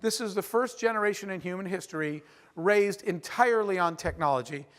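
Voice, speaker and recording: A man delivers a storytelling keynote in a large conference hall, his voice sitting high for a man. He talks in an animated, conversational way, tossing quick asides to the crowd. A long reverb trails behind each phrase. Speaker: keynote speaker.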